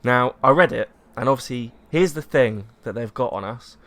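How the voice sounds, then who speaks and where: A man's voice: medium pitch, normal speed. Young English man telling a story. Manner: animated storyteller, acts out quotes, laughs often. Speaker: podcast co-host. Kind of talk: casual chat.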